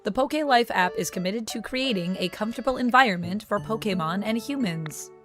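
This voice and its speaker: Lady reading as a talking computer in a game, flat announcer voice, steady and official. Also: mid-range voice, a little fast, over music, lightly acted. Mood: announcing. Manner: flat, announcing, even delivery.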